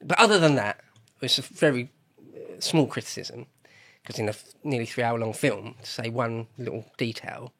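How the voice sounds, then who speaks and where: A man's voice: mid-range voice, moderate pace, fairly bright tone. A man hosting a casual podcast conversation, talking in a loose, rambling way and often correcting himself. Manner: chatty, rambling, self-correcting. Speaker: podcast host. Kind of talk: casual chat.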